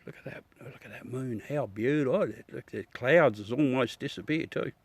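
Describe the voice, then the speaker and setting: A man's voice: mid-range voice, moderate pace, breathy edge, no echo. A middle-aged Australian man hosting a livestream, chatting casually with viewers, laughing, joking and swearing as he talks. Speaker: livestream host. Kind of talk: casual chat with live viewers.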